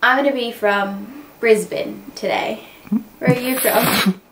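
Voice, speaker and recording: A woman's voice: fairly high pitch, slow pace, background noise. A woman of twenty-one chatting casually to her camera as a vlogger, often laughing. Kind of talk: casual vlog chat.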